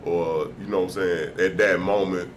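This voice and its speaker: A man's voice: deep voice, fairly even intonation, moderate pace, slight background noise. A man hosting a podcast, laid-back, asking his guest questions and agreeing along. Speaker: podcast host. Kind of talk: casual interview chat.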